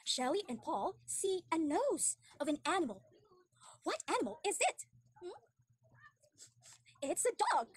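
A woman's voice: extremely high pitch, very animated, moderate pace. A young woman giving an online demo English lesson to a young child, with exaggerated sing-song praise and frequent laughs. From Philippines.

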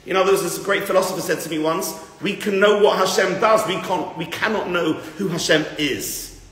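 A lively man gives a spirited lecture to a room of listeners. His voice is bright and high-pitched, and his pitch swings widely. He jumps between loud emphatic bursts and low, quiet asides, and a long echo rolls around the big hall. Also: brisk. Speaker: rabbi teaching a class. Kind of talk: lively lecture to a live group. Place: large room with an audience. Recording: roomy hall with long reverb.

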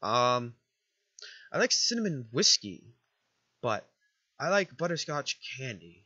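Excitable man, gameplay commentary, cursing and joking, bright lively voice, muffled lo-fi mic. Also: mid-range voice, slow, pauses often. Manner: jokey, profane, excitable. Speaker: let's play gamer.

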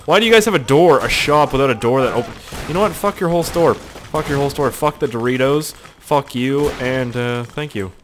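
A man giving excitable, crude let's-play commentary, swearing a lot and joking to himself. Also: medium pitch, brisk, slight background noise. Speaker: gaming video host.

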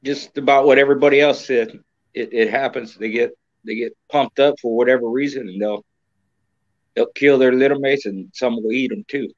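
A man's voice: mid-range voice, steady tone, normal speed, dull audio. A man giving a brief, matter-of-fact answer as a guest on a casual talk show. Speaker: podcast guest. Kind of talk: casual chat.

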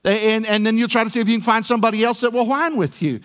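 A man's voice: sits high, quick pace, a bit bright. A man pastor preaching a sermon in a church, folksy and playful, with call-and-response asides to the congregation. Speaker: senior pastor. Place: church sanctuary.

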